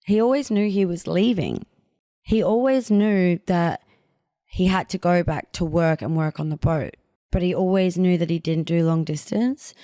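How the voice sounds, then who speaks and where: A woman's voice: lowish voice, dark tone, dry recording. Blunt young woman, dry close sound. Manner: frank and blunt, heavy on fillers like "like". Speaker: podcast host. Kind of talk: candid personal monologue.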